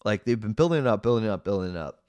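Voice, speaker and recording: Low-voiced man rambling through a recap. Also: expressive, racing, darkish tone, no echo. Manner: rambling, heavy on "like" fillers, wry and sarcastic asides. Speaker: podcast host recapping a movie. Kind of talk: casual spoken recap.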